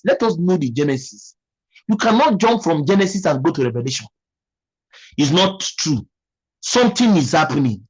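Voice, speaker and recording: A man's voice: on the high side, slightly rough, low-quality recording. A man with a Nigerian accent hosting a casual live stream, musing aloud and thanking viewers by name.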